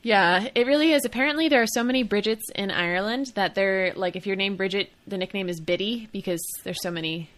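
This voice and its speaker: A woman co-hosting a film podcast in casual chat, chatty and joking with quick asides. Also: medium pitch, fairly bright tone. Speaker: podcast co-host.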